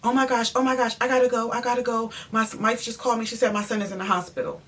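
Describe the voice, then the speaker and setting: A man's voice: very high-pitched, little pitch movement, fairly bright tone, recorded from a distance, slight background noise, voice pushed up. A woman doing a flustered apologetic painter man. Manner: rambling, apologetic, hurried.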